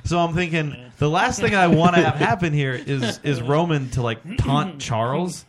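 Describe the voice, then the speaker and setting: A man's voice: on the high side, moderate pace, a loud crowd. A young adult man on a casual podcast, telling a long, rambling, profane story and acting out what people said. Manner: rambling, profane, acts out quotes. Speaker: podcast co-host.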